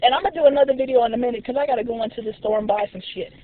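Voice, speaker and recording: A woman's voice: fairly high pitch, racing, recorded from a distance. A woman ranting in a brash, emphatic vlog, swearing freely while riding a bus. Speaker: vlogger. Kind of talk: profane vlog rant. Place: on a moving bus. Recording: tinny phone audio with vehicle noise.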